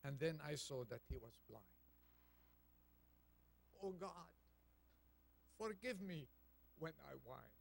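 A man preaching a Thanksgiving sermon, reading a poem aloud softly and then building up with rising intensity. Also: a little high, lively intonation, takes it slowly, gravelly, long pauses.

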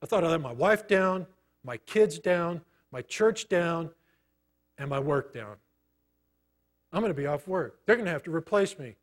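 A man's voice: on the high side, lively intonation. Man preaching a personal testimony sermon. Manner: storytelling, conversational, pausing often. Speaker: pastor.

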